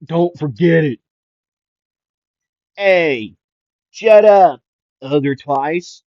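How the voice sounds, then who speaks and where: A man voicing an unstable male villain who argues loudly with himself, in a raised, strained voice on a dull, dry recording. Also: medium pitch, takes it slowly, dry recording, pitched above the performer's own voice, close to an everyday voice. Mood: bickering. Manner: loud, strained, bickering with himself.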